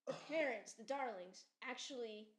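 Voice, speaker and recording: Woman, high voice, chatty storyteller on a podcast. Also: normal speed. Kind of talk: casual podcast chat.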